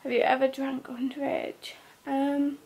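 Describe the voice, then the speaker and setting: A young woman vlogging, reading out quick questions and giving terse, offhand one-word answers. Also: sits high, flat delivery, darkish tone. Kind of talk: casual question-and-answer vlog.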